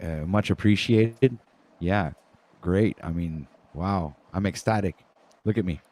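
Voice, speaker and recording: A man's voice: deep voice, unhurried, noisy background. A man from Canada with a French Canadian accent hosting a casual livestream talk show, stumbling over his words and joking about himself. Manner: stumbling, self-mocking, often restarts words.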